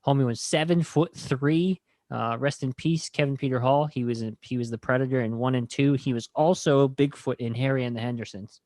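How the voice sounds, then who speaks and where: A man's voice: medium pitch, steady tone, a little fast, few pauses, darkish tone, dry recording, studio quality. Man chatting casually on a podcast. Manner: enthusiastic, rambling recap with quoted movie lines. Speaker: podcast host. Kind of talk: casual film review chat.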